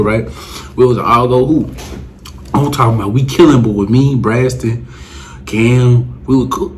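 A young man telling a rambling storytime to the camera, full of slang and swearing, jumping up in pitch when he acts out his friends. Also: a little hiss or hum. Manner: animated, acts out friends' lines with pitch jumps. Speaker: vlogger. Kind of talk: casual storytime.

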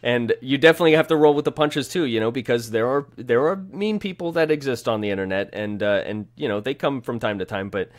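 A man's voice: mid-range voice, fast talker, few pauses. A man chatting as an interview guest, upbeat and rambling with lots of fillers and restarts. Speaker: guest streamer and shiny hunter. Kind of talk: casual interview chat.

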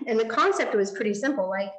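A woman giving a design lecture, telling a story in an animated way and acting out the dialogue. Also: a little high, normal speed, roomy sound, poor audio. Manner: animated, acts out quoted dialogue. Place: lecture hall.

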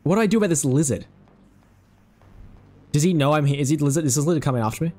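A man giving casual, excitable commentary on his own game run, swearing freely and chatting to the creatures on screen. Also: on the high side, fast. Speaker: let's play host.

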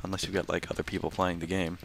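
A man's voice: sits low, level tone, quick pace, creaky, heavy background noise. A man giving casual, sarcastic commentary while playing a video game, talking back to the game. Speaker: let's play gamer.

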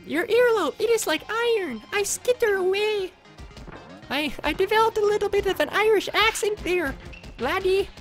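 A man voicing a tiny sneaky male tarantula fighter in a video game, squeaky with a put-on Irish lilt. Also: slow, a bit bright, soft background music, heavily acted. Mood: playful.

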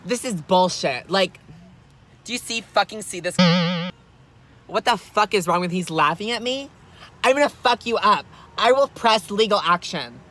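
A man's voice: high voice, normal speed, a bit bright, soft background music. A man playing a spoiled, foul-mouthed, entitled rich young woman in a comedic parody vlog, whining in a valley-girl drawl full of "like" and swearing from inside a car. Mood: furious, ranting.

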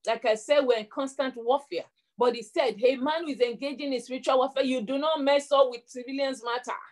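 A middle-aged woman delivers a sermon, mixing storytelling with prayer. Her voice sits slightly high. She is earnest and often repeats words as she builds toward each point. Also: fairly even intonation, a little fast, a little mellow. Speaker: preacher.

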